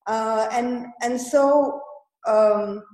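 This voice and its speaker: A woman's voice: on the high side, drawn-out words, dark tone, roomy sound, poor audio. A woman guest telling her own story in an interview, hesitant and full of fillers and restarts. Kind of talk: conversational storytelling.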